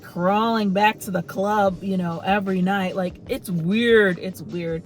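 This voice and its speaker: A woman's voice: mid-range voice, a bit bright, low-quality recording. Chatty woman retelling a film. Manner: chatty storytelling, heavy use of "like" and "you know". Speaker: YouTube movie reviewer. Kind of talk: casual spoken movie review.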